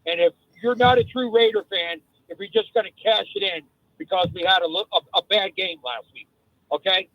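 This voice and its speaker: A male caller on a sports radio show, speaking earnestly with halting fillers over a phone line. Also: high voice, no room sound.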